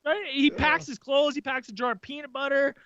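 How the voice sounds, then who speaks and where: Brief: high-pitched, bright-voiced Canadian man, casual swearing co-host, dry lo-fi mic. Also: brisk, dry recording. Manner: swearing, animated storyteller. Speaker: podcast co-host. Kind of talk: casual storytelling chat. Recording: dull dry lo-fi sound.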